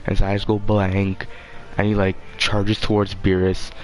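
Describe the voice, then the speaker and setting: A man's voice: fairly low pitch, monotone, a little slow, darkish tone. A man hosting his own channel, rambling casually and swearing freely as he loses his train of thought. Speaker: channel host.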